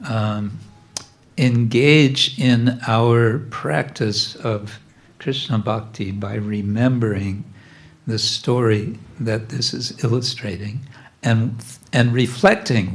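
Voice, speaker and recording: Slow, halting man teaching a devotional class. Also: medium pitch. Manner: halting, gently humorous, many fillers. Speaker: guest speaker giving a spiritual class. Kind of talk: devotional class on religious paintings.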